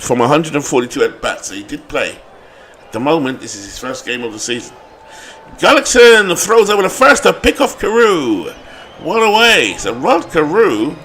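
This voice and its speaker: A man with a London accent doing play-by-play commentary on a replayed baseball game, building to excited calls on big hits. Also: medium pitch, slight background noise. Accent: London English. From England.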